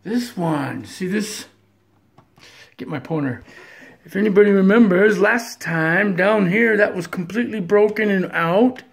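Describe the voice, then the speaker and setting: Slow-talking, excitable pinball vlogger. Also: mid-range voice, gravelly, husky. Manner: chatty, thinks out loud, excited exclamations. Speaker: pinball hobbyist showing a repair. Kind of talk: casual vlog narration to viewers.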